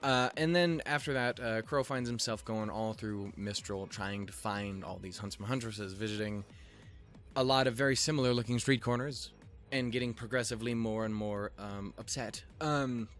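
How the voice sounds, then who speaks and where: A man's voice: fairly low pitch, steady tone, normal speed, soft background music. A man giving a casual episode recap with rambling, restarting sentences and offhand swearing. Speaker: show reviewer.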